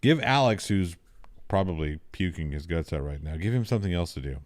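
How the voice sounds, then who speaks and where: A man's voice: deep voice, lively intonation, a little fast. A man co-hosting a horror podcast, steering the talk and making dry, joking asides in casual banter. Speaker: podcast co-host.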